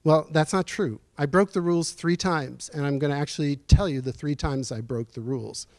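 A man in his sixties giving a personal storytelling lecture in a university auditorium, earnest and reflective, pausing as he speaks. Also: on the high side, darkish tone, dry recording. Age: 60s. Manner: earnest, reflective, halting with pauses. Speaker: guest speaker at a lecture series.

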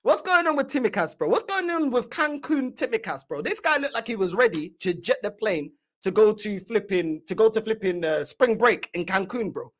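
A woman's voice: medium pitch, expressive, moderate pace, few pauses. A woman with a London accent hosting a fan channel, teasing and chatting casually in heavy slang, constantly asking whether the listener gets it. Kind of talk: casual reaction commentary.

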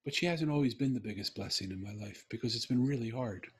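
Middle-aged man with a husky voice, telling a story earnestly. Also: mid-range voice, quick pace. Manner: earnest, heartfelt, emphatic. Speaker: guest. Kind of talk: personal storytelling in conversation.

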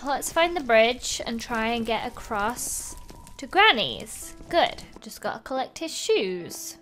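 A woman hosting a let's play, excitable and chatty with frequent gasps. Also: fairly high pitch, takes it slowly, soft background music. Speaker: gaming video host.

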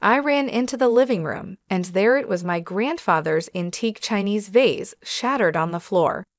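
A woman reading a first-person story aloud as narrator, in a steady, even storytelling manner. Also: medium pitch, normal speed, no room sound, clean studio sound.

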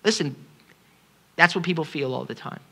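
Impassioned pleading pastor with a bright voice. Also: mid-range voice, animated, a little slow. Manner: impassioned, pleading, repeats phrases for emphasis. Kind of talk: sermon. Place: congregation service hall.

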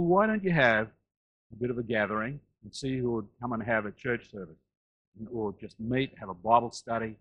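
Male pastor, middle pitch, sermon delivery with big rises and quiet drops; muffled lo-fi church recording. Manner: rises loud on key phrases, drops low and quiet between.

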